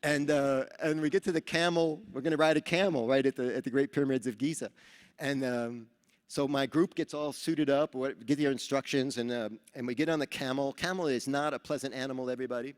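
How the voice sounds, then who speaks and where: A man from New York giving a motivational talk at a seminar, telling animated stories and acting out the dialogue. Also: medium pitch, fairly quick, clear, resonant tone. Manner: animated storyteller who acts out dialogue. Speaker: Rotary speaker at a training seminar. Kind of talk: motivational speech with storytelling. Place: large event hall. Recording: reverberant hall.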